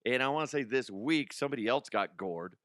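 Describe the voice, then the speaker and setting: A young man hosts a comedy news podcast in a loose, profane rant, laughing at his own jokes and slipping into mocking voices. His voice sits at an ordinary middle pitch. The sound is close and dry, with no room around it. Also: expressive, a little fast, fairly bright tone, dry recording.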